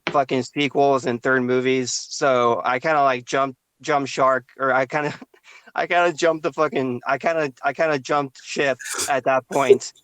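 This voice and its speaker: A man's voice: mid-range voice, fairly even intonation, moderate pace, a bit bright, smooth, dry recording. A man co-hosting a podcast over a video call, talking casually with lots of "like" and "man" and plenty of swearing. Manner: laid-back, profane, lots of "like" and "man". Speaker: podcast co-host. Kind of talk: casual chat. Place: outdoors by a fast-food restaurant.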